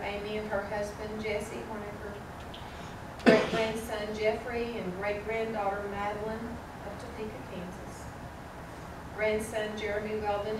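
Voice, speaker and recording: A woman pastor, giving a tender, openly emotional funeral eulogy. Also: medium pitch. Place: funeral service hall. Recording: echoey room from a distant mic with hiss.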